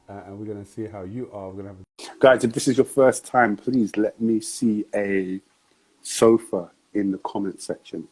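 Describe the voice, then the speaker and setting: A man's voice: lowish voice, darkish tone, breathy edge. A man hosting a live-streamed interview show, talking in an upbeat, chatty way with slang. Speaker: host.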